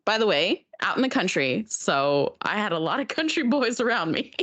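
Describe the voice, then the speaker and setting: Woman, bubbly podcast guest, laughs a lot, mid-pitched. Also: big pitch swings, normal speed, fairly bright tone. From Oregon, USA. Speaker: guest streamer and dancer. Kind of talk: casual podcast chat.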